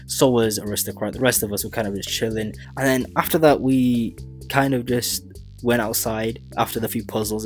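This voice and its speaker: A young man, telling a prank story in a vlog, animated and often laughing. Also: on the low side. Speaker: vlogger.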